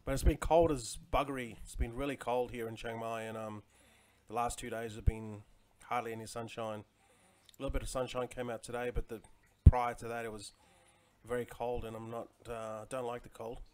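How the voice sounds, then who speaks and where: A man's voice: mid-range voice, level tone, normal speed, darkish tone. A man in his forties chatting casually on a livestream, rambling with lots of fillers and greeting viewers by name. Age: 40s. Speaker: crypto livestream host. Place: home in Chiang Mai.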